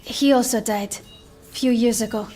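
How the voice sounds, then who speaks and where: A woman playing a gentle young woman. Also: on the high side, steady tone, measured pace, soft background music, lightly acted. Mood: earnest. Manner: earnest and gentle. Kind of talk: game cinematic voice acting.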